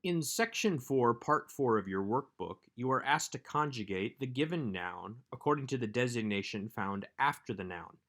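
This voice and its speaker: A man giving a recorded workbook lesson as a Hebrew instructor, explaining grammar in a measured way. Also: mid-range voice, animated, fairly bright tone.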